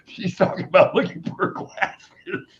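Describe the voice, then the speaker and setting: A middle-aged man co-hosting a livestream, swearing freely and laughing often as he tells stories in casual banter. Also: measured pace. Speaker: livestream co-host. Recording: slightly muffled with faint noise.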